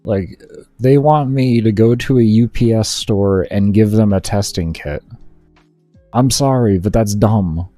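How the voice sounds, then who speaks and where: A young man streaming a video game, chatting with viewers and swearing loudly at himself when he slips up. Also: fairly low pitch, unhurried, no echo, faint music behind. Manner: swears heavily, rants and berates himself when frustrated; chats with viewers in a relaxed, rambling way. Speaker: gaming streamer. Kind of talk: casual live-stream chat while gaming.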